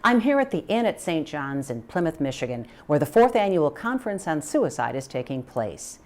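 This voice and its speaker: A woman hosting a TV program, presenting a scripted introduction and interviewing a guest with a measured, earnest delivery. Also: low-pitched, big pitch swings, darkish tone. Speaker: TV host.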